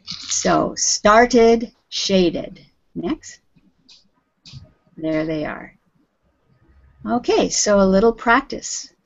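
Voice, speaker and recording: Slow patient woman teaching English. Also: mid-range voice, lively intonation, gravelly. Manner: patient, encouraging, calls on students by name. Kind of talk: live online group lesson. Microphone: video call audio. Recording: dull lo-fi video call audio.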